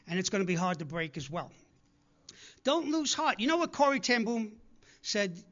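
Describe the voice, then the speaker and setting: A man's voice: high-pitched, very animated, normal speed, a bit bright, lo-fi sound. A man preaching a sermon to his congregation, earnestly urging them again and again and acting out the people he quotes. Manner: earnest, repetitive exhortation with acted-out quotes.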